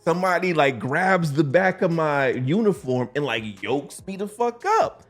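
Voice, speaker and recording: A man in his forties recounts his army days in loose, profane storytelling, chuckling and acting out the voices. His voice sits a bit high for a man. Faint music runs underneath. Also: measured pace. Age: 40s. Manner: animated, profane, laughs often, acts out quotes. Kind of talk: casual storytelling.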